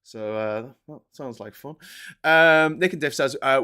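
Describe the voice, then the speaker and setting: A man hosting a live stream, rambling and animated, laughing and swearing as he chats and reads out viewer messages. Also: mid-range voice, a little slow, clear, resonant tone.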